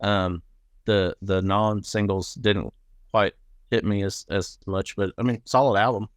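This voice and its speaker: A man hosting a casual podcast chat, relaxed and laughing often, with many fillers. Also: on the low side, measured pace, no room sound, clean studio sound. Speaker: podcast host.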